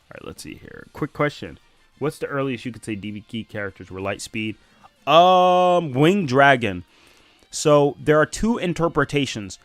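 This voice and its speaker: A man's voice: medium pitch, expressive, moderate pace, no room sound, faint music behind. A man casually chatting on a live stream while reading and analysing comics, laughing often.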